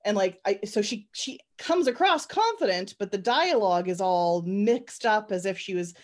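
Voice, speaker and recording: A woman's voice: medium pitch, normal speed. Sarcastic woman reviewing a film. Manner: sarcastic, animated, quotes scenes in mocking voices. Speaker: podcast co-host reviewing a film. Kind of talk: casual chat.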